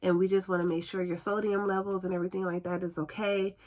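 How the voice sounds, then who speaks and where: A woman doing a soft-spoken apologetic nurse. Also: fairly low pitch, flat delivery, fast talker, lightly acted. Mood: matter-of-fact. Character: quiet apologetic female hospital nurse.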